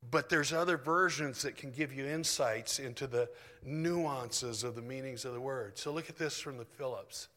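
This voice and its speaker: A man's voice: medium pitch, normal speed, bright, forceful tone. A middle-aged man preaching a sermon in a loose, conversational, self-deprecating way. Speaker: pastor. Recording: long hall reverb.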